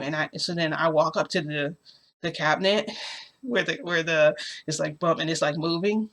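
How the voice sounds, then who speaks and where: A woman's voice: deep voice, normal speed, a bit bright. A young woman vlogger telling a story casually, rambling with lots of filler words.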